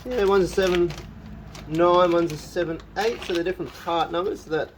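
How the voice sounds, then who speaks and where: A man's voice: high voice, steady tone, brisk, slight background noise. A man working on his truck in his shed and thinking aloud. He talks to the parts as he goes, wry and grumbling, and often pokes fun at himself. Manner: wry, grumbling, self-mocking. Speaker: home mechanic and channel host. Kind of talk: casual workshop vlog, thinking aloud. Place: home shed or garage.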